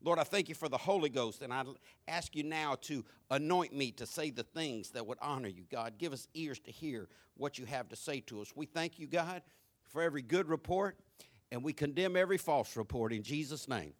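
A middle-aged male pastor preaching a sermon, calling out to his congregation and telling stories, rising to animated shouts. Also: mid-range voice, moderate pace. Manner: preaching with audience call-outs and storytelling.

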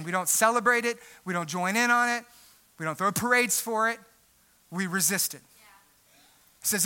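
Loud high-voiced preaching man. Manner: loud, emphatic, shouting at times. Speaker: pastor. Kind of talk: preaching a sermon.

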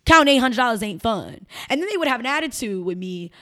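A woman with a Chicago accent chats as a podcast guest, with a fairly high-pitched voice. She is animated and emphatic as she tells her stories. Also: normal speed. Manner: animated, emphatic storyteller who slips into mimicked voices. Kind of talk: casual interview chat.

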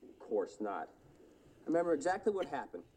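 An actor playing an exasperated, hot-tempered young uncle in a sitcom, grumbling and scolding himself. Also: male voice, medium pitch, big pitch swings, fairly quick, slightly rough. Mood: sheepish. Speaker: sitcom character. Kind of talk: multi-camera sitcom acting. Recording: sitcom clip with loud audience laughter.

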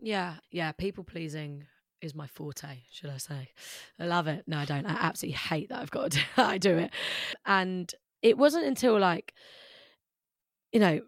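Candid young British woman, low voice. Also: expressive, normal speed, no room sound, clean studio sound. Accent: British English. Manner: open, rambling, says "like" often. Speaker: guest musician. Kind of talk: candid personal conversation.

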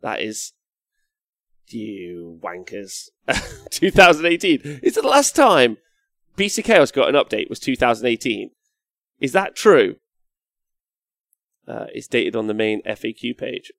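A young man chats on a casual live stream as he paints, reading chat messages aloud and getting loudly excited. His voice has a gravelly edge. The sound is close and dry, with no room around it. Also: mid-range voice, measured pace, pauses often, dry recording. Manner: excitable, swears, reads out chat comments. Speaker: livestream host.

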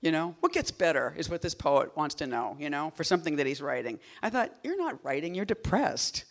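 A woman poet giving a casual talk at a reading series. She wanders off on tangents, fills gaps with "like" and "you know", and drops wry, deadpan asides. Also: low voice, fairly quick. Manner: rambling and digressive, full of "like" and "you know".

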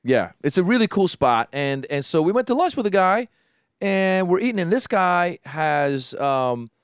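A man tells a story to his friends in a smooth, slightly high voice, close and dry on the mic. He talks in an animated way, restarts his sentences often and acts out the voices of the people in the story. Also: normal speed, no room sound. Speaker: podcast co-host telling a story. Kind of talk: casual chat.

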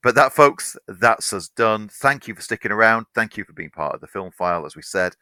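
Low bright-voiced guy, tired and under the weather, rambly podcast chat. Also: animated, a little fast, smooth, no echo. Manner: rambling, laughs at own slips. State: unwell, tired. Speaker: podcast co-host. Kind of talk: casual chat.

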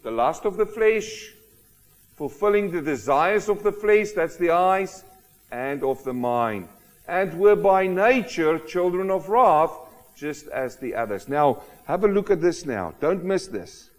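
A man preaching a sermon, emphatic and animated, often asking rhetorical questions of the congregation. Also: on the high side, a little slow. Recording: long hall reverb.

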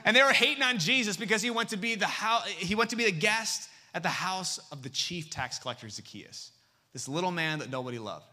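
Bright-voiced, lively male pastor. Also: sits high, brisk. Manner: lively and humorous, swinging between loud and hushed. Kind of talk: sermon.

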